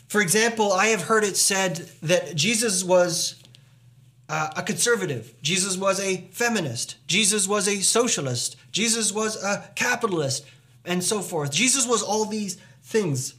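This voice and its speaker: A pastor delivers his sermon in a notably high voice for a man. He is earnest and emphatic, pressing his points with rhetorical questions. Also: lively intonation, unhurried, pushed and bright.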